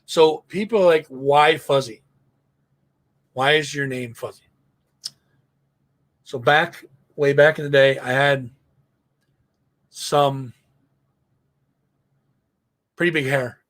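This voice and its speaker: A man hosting a casual live stream, hoarse, telling a rambling, profane story and breaking off to talk to his chat. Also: medium pitch, takes it slowly, pauses often, fairly bright tone. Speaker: host.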